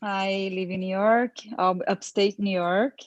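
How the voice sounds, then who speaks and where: A tired woman speaks as a panel guest on a video call, slow and dreamy in her delivery. The sound is dry and close, with no room around it. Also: mid-range voice, fairly even intonation, no echo, lo-fi sound. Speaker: yoga and dance teacher, panel guest.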